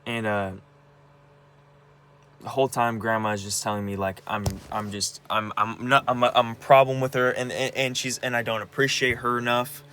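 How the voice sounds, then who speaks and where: A man's voice: medium pitch, flat delivery, bright, forceful tone, slight background noise. A young man venting angrily about his family in a personal vlog, stumbling, restarting and swearing as he talks. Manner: angry, halting, many restarts and swearing. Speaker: vlogger. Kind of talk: emotional personal rant.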